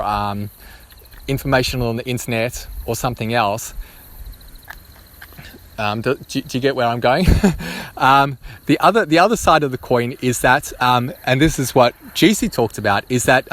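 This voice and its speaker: A man vlogging his spontaneous musings, talking hesitantly with many restarts and ums. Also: mid-range voice.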